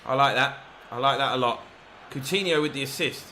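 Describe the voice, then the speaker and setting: A man commentating on his own football video game match, excitable and quick to shout at the referee. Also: medium pitch, a little hiss or hum. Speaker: gaming YouTuber.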